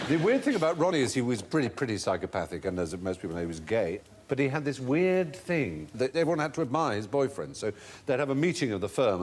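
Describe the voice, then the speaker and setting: Lively storytelling man hosting a quiz. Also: fairly low pitch, background noise. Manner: animated anecdotal, puts on voices for quotes. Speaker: quiz show host. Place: TV studio before an audience.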